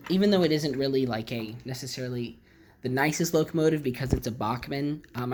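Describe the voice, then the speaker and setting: The host of a model railroad channel shows off his collection in a casual, rambling show-and-tell vlog, full of ums and restarts. The voice is mid-range, and there's a little hiss or hum in the audio.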